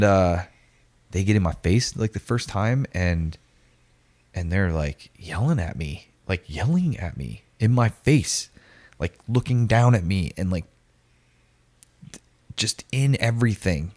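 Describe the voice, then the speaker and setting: A man in his forties telling a story casually on a podcast, slangy and animated, acting out the voices of the people in it. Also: lowish voice, a little slow. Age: 40s. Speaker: podcast guest.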